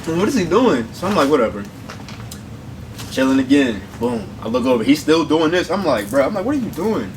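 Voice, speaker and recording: A young man casually telling a funny story on a mukbang, slangy and animated, laughing as he goes. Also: on the high side, brisk. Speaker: mukbang co-host. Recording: distant mic with background noise.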